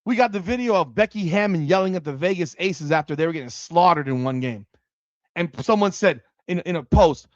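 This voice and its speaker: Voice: medium pitch, lively intonation, fairly quick, dry recording, dull audio. A sports commentary host ranting on a livestream, profane and heated.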